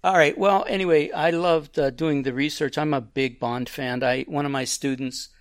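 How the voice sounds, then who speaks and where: A man's voice: a little high, steady tone, moderate pace, soft background music. A man hosting a casual film chat, rambling and restarting his sentences. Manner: rambling, self-interrupting.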